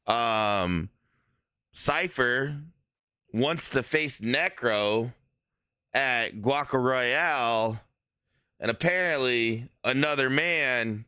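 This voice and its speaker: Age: adult. Role: slow, measured wrestling commentator. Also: male voice, medium pitch, pushed and bright, clear, resonant tone, no room sound, studio quality.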